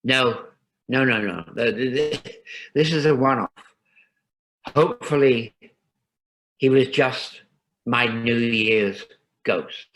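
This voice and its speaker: Guy doing a jittery young woman in a storybook, halting and earnest, bright tone. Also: medium pitch, rough recording. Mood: flustered. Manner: hesitant and pleading, stumbles over words.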